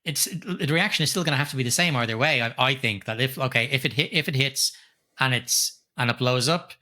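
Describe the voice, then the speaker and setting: A man's voice: mid-range voice, brisk, pushed and bright. A middle-aged man co-hosting a podcast, chatting casually about a film and rambling with lots of restarts and casual swearing. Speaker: podcast co-host. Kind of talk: casual film review chat.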